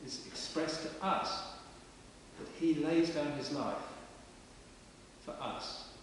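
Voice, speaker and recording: Slowly and in a slightly high voice, a vicar gives a chatty, plain-spoken sermon in a large stone parish church. A distant camera mic captures it from far off, with echo and hiss.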